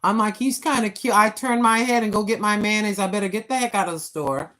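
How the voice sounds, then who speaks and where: A woman's voice: mid-range voice, fast, sharp tone, low-quality recording. A woman in her sixties hosting a casual walking livestream, joking and giving repeated playful warnings to her viewers. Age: 60s. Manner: preachy, joking, repetitive warnings. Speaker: walking vlog host. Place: at home indoors.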